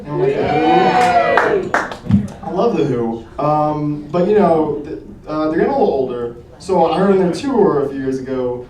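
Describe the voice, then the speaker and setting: Teen stand-up comic, high bouncy voice, deadpan delivery, distant roomy club recording. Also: male voice. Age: teenager, 17. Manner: deadpan jokes, acts out others in higher voices. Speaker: stand-up comedian. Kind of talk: stand-up comedy set. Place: small comedy lounge with audience. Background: audience laughter and room noise.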